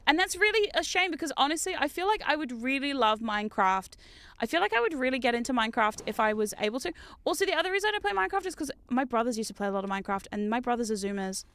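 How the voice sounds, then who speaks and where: Commentating casually on her gameplay, this New Zealand-accented VTuber is loud and excitable and swears often. She speaks very fast in a smooth, high-pitched voice.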